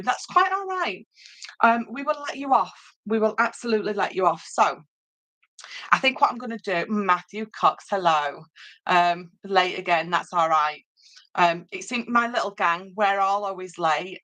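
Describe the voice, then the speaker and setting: A woman with a lowish, slightly bright voice hosts a casual live crafting demonstration, and the audio quality is poor. She's chatty and rambling, greets viewers by name, and says "um" a lot.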